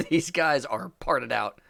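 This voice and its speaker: Man, mid-pitched game master, casual and laughing. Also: very slow, gravelly, a bit bright, dry recording, studio quality. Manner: loose, laughing, lots of fillers. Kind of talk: narrating a tabletop game.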